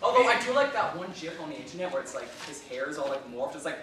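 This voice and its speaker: A convention panelist telling rambling, giggly anecdotes to a fan audience. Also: male voice, fairly high pitch, very animated, fast, heavy background noise. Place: convention hall. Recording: echoey hall recorded from far off.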